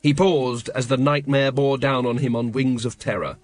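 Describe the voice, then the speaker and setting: A man narrating an audiobook in a measured, wry storytelling manner. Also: medium pitch, faint music behind. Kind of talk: scripted narration.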